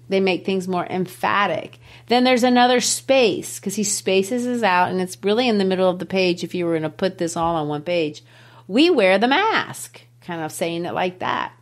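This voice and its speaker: Woman teacher and podcast host, mid pitch, animated and emphatic when explaining a poem.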